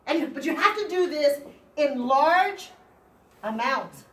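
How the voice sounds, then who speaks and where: A high, lively-voiced woman leads a motivational training session, bouncing through teasing questions and quick laughs. She swings widely in pitch as she works the room. She is caught from a distance in an echoey meeting room. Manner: animated, playful, teasing, laughs often, call-and-response with audience. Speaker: sales team trainer.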